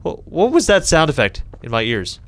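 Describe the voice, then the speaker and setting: A young man doing let's-play commentary on a horror game, joking and swearing, with sudden high yelps when startled. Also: huge pitch swings, moderate pace. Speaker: gaming YouTuber.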